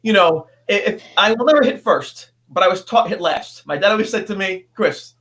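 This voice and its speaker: A high-pitched man recounts a personal story with earnest intensity, stumbling and restarting often. He sounds like a guest in his fifties speaking on an interview show. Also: expressive, a bit bright, a little hiss or hum. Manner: earnest, halting, many restarts.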